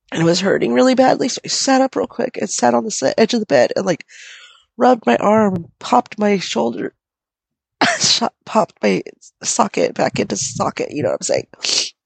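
A young woman hosting her podcast while sick, hoarse and coughing, rambling casually, swearing and laughing at herself. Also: lowish voice, dry recording, low-quality recording. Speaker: podcast host. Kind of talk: casual chat.

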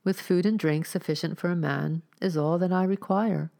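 A woman reading the part of a polite, mysterious young gentleman who speaks quietly and gently, in a low, gravelly voice. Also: fairly even intonation, normal speed. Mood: hushed.

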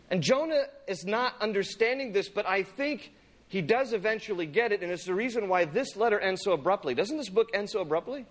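Male pastor, high and bright voice, lively, jokey sermon delivery. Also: a little fast. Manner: animated, playful, acts out scripture.

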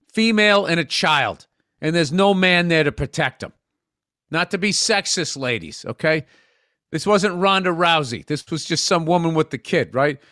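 A man with a high, bright voice swings his pitch widely as he tells profane, animated stories on a podcast. The recording is dry and close to the mic. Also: no room sound. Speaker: podcast co-host. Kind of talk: casual podcast chat.

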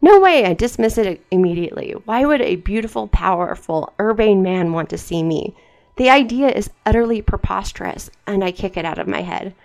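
A woman's voice: mid-range voice, lively intonation, fairly quick, gravelly, a little mellow. A woman hosting a podcast, reading fan fiction aloud in a dramatic voice and breaking off for wry, mocking asides. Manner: wry, mocking asides between read passages. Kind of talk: dramatic reading with sarcastic commentary.

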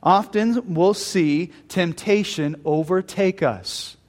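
Earnest high-voiced male preacher. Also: slow pace, long reverb tail. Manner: earnest, emphatic, with frequent restarts. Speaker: preacher at a men's retreat. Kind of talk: sermon.

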